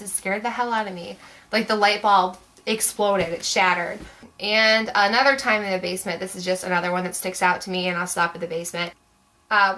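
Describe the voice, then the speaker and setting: A woman's voice: mid-range voice, sharp tone, low-quality recording. A young woman vlogger telling a story to camera in a chatty, rambling way, full of "like" fillers.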